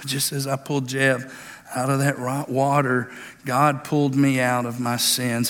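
A man's voice: medium pitch, little pitch movement, a little slow, a bit bright, big-room sound. A man preaching a sermon, telling a family story in a folksy way with many fillers and restarts. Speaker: pastor.

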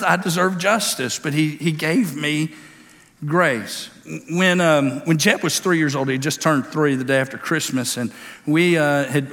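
A man's voice: fairly high pitch, fairly bright tone, long reverb tail. A man preaching a sermon, telling a family story in a folksy way with many fillers and restarts. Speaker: pastor.

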